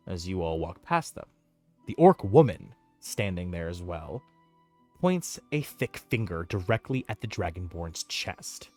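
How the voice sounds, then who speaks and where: A young man narrating as game master, animated and chatty with fillers, on a close mic. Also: deep voice, unhurried, no echo, faint music behind.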